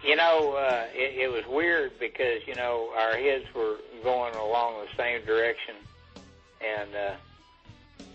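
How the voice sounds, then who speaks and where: A man on a dull, muffled phone line chats with a host in a mid-pitched voice. He jokes dryly and drawls through pauses. His delivery stays relaxed and deadpan. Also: soft background music. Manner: dry, joking, drawling with pauses. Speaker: phone guest. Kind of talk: casual chat.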